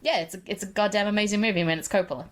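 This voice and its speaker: A woman's voice: mid-range voice, very fast. A woman in her forties hosting a podcast, chatting casually and enthusiastically about films with frequent laughs. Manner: enthusiastic, opinionated, laughs often. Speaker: podcast host. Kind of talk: casual film chat.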